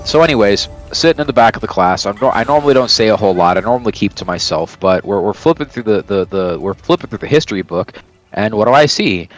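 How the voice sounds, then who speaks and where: A man with a lowish voice streams while telling a long story in casual chat, heard on a rough recording. He rambles, swears, and keeps checking in by asking "right?"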